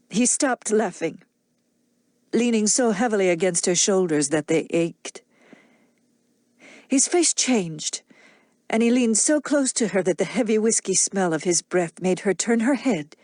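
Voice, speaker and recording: A woman narrating an audiobook with a measured, dramatic delivery. Her voice sits in a middle pitch. The recording is dry and close. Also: lively intonation, a little mellow, no room sound. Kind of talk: scripted narration.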